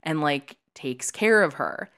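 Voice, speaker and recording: A woman co-hosting a podcast, chatting casually about a movie, animated and swearing, with lots of "like" fillers. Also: low voice, takes it slowly. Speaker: podcast co-host. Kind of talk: casual chat reviewing a movie.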